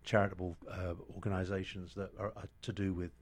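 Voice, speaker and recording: British man, lowish voice, halting, restarts, casual chat, middle-aged. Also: flat delivery. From Britain. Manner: halting, many restarts and fillers. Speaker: actor guest.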